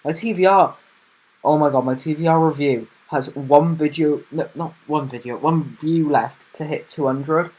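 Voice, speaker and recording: A man's voice: on the high side, moderate pace, a little mellow. A young man hosting a casual car review vlog, talking in a rambling, chatty way with plenty of fillers.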